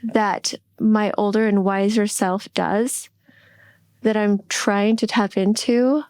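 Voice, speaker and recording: A middle-aged woman co-hosting a podcast, speaking candidly and reflectively, often pausing and restarting her sentences. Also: medium pitch, steady tone, darkish tone, clean tone, no room sound. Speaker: podcast co-host.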